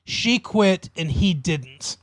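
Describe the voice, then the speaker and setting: Man, fairly high voice, dry close sound, casual podcast recap, filler-heavy. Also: dry recording. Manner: relaxed, drawn-out retelling with many fillers. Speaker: podcast co-host. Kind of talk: casual chat recapping a TV episode.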